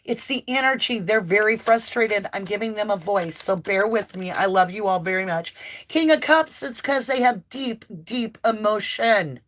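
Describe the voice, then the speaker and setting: A woman doing an impassioned tarot reading to camera, emphatic and near yelling at times, with chatty asides to her viewers. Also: medium pitch, normal speed. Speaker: tarot reader and channel host.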